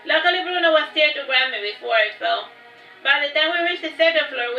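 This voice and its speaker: Woman reading her fantasy story aloud. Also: sits high. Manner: steady reading with frequent restarts. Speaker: author. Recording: roomy, distant, dull recording with faint music.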